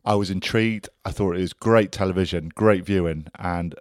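A man's voice: sits low, moderate pace, dry recording, studio quality. A man co-hosting a podcast, chatting in a laid-back, teasing way. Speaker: podcast co-host. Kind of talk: casual chat.

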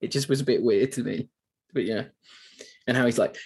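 This podcast co-host rambles through a relaxed film discussion, frequently restarting and wandering into asides. He speaks a little fast at medium pitch, with a creaky, slightly rough, somewhat mellow voice.

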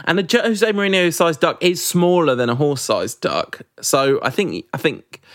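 A man's voice: a little high, moderate pace, a bit bright, no room sound, clean studio sound. A man co-hosting a podcast in casual, jokey chat, rambling with restarts. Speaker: podcast co-host leaving the show.

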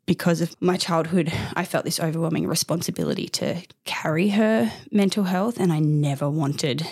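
Interview guest, woman, 30s: heartfelt, rambling storyteller with a gravelly edge, dry sound. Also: low voice, expressive, moderate pace, a little mellow, no room sound. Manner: open, heartfelt, rambling with restarts. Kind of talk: candid personal storytelling.

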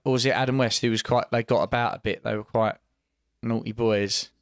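A man co-hosting a podcast in casual chat, rambling and halting with many restarts. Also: medium pitch, fairly even intonation, no echo, clean studio sound. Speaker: podcast co-host.

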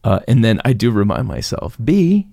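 Male co-host, wry and self-mocking, lowish voice, dry close sound. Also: wildly swooping pitch, normal speed, gravelly, mellow, no echo. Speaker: podcast co-host. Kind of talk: casual podcast chat.

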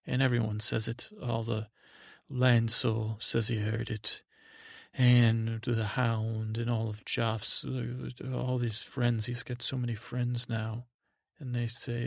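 Male host, gravelly and husky, monotone bedtime rambler, dry close mic. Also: medium pitch, no room sound. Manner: meandering, halting, full of restarts and asides. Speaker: podcast host. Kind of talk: rambling sleepy storytelling.

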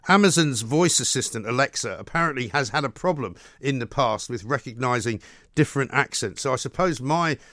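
A man's voice: mid-range voice, expressive, fairly quick, sharp tone, no room sound, clean studio sound. A man with a Southeast English accent, hosting a talk radio show, wry and opinionated in conversation.

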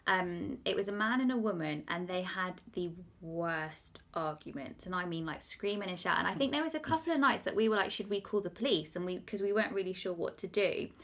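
A woman's voice: fairly low pitch, fairly quick, hardly any pauses, a bit bright. A young woman co-hosting a casual podcast chat, telling stories about herself with a self-mocking streak and frequent laughs. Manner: chatty, self-mocking storyteller, laughs often. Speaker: podcast co-host.

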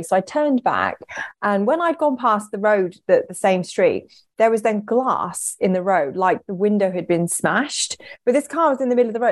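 A woman's voice: medium pitch, dry recording. A young woman casually telling a story, chatty and swearing, acting out the voices she quotes.

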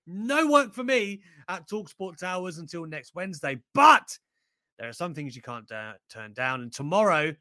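A man co-hosting a wrestling news show, loud and jokey, swinging between shouts and mutters. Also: high-pitched, no room sound, studio quality. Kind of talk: energetic casual banter.

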